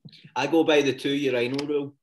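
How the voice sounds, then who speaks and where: A Scottish man talking at an ordinary middle pitch, casual and loose, swearing freely as he rambles through a story. He laughs often and talks like he is chatting with a mate on a podcast. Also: fairly even intonation, quick pace. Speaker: podcast co-host.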